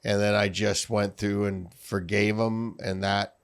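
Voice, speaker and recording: A man's voice: fairly low pitch, little pitch movement, a little slow, clear, resonant tone. Reflective male podcast host. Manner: reflective, asks long probing questions. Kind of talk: conversational interview.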